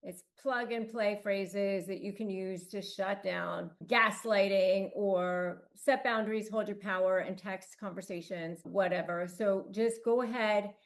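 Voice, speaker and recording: A woman's voice: medium pitch, steady tone, unhurried, few pauses. A woman hosting an advice talk, coaching in emphatic, clipped phrases. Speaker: host.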